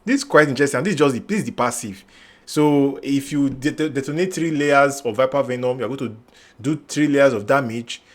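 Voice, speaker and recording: A man's voice: medium pitch, fairly quick. A young man hosting a game guide channel, thinking aloud as he reads through new character skills and restarts his lines. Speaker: gaming channel host. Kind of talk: casual game guide commentary.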